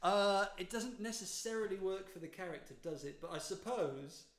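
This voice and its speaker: A man's voice: high-pitched, moderate pace. A man co-hosting a casual livestream in an upbeat, playful and organized way. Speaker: co-host and series creator. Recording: echoey room.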